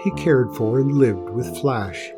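A man gently reading a children's storybook aloud as narrator, slow and unhurried. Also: medium pitch, music in the background.

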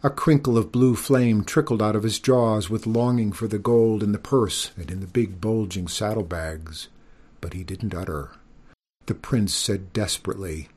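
A man reading a children's story aloud, expressive and giving each character a voice. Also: on the low side, normal speed, slightly rough.

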